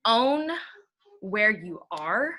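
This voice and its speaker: A woman's voice: mid-range voice, sing-song, drawn-out words, bright, forceful tone. A young woman, giving a rambling, blunt motivational training talk to her team. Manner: rambling, blunt, uses y'all.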